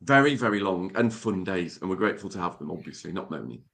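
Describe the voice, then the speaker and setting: Lively bright-voiced man hosting. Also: sits low, fast, gravelly. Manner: playful, self-mocking, lively delivery. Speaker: podcast host. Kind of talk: casual podcast chat and reading listener letters.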